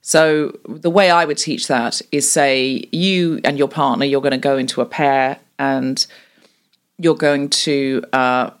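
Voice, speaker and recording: A woman comedian guesting on a podcast, with a somewhat low speaking voice. She talks in a chatty, animated way, full of fillers and restarts, and keeps breaking into quick voiced mini-scenes to make her points. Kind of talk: conversational interview.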